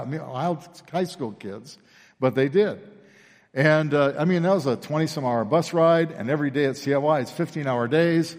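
A man preaching a sermon, telling stories from his past and acting out the people in them. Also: mid-range voice. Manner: animated storyteller, acts out quoted people. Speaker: pastor. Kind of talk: sermon storytelling. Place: church sanctuary. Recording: long reverb of a large church hall.

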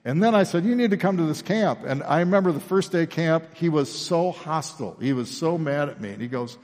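A man's voice: a little high, fairly quick, hardly any pauses. A man preaching a sermon, telling stories from his past and acting out the people in them. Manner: animated storyteller, acts out quoted people. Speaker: pastor. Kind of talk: sermon storytelling. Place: church sanctuary. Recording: long reverb of a large church hall.

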